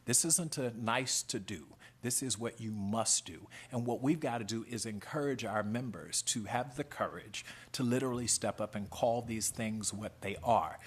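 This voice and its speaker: Emphatic middle-aged man testifying, husky. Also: mid-range voice, normal speed, few pauses. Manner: earnest, emphatic, speaks in short punchy statements. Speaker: head of a professional HR association testifying. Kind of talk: committee hearing testimony.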